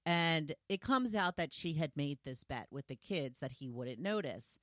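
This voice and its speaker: A woman's voice: low-pitched, animated, measured pace, dry recording, studio quality. A woman hosting a solo podcast, talking conversationally and retelling scenes with quoted lines. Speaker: podcast host.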